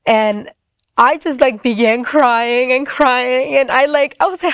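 A woman's voice: sits high, measured pace, no room sound, clean studio sound. Earnest young woman sharing a testimony. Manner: earnest, reflective storytelling with quoted dialogue. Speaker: testimony speaker. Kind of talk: personal faith testimony.

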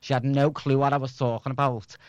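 A man's voice: medium pitch, little pitch movement, fairly quick, a little mellow, clean tone, dry recording, dull audio. Chatty Scouse man telling stories. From Liverpool, England. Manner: chatty storyteller, laughs often. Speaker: guest, former radio presenter. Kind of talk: casual interview chat.

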